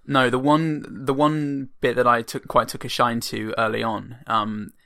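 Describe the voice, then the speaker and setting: Gravelly, bright-voiced man chatting about films. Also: mid-range voice, flat delivery, a little slow. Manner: hesitant, many restarts and fillers. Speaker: podcast co-host. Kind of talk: casual film review chat.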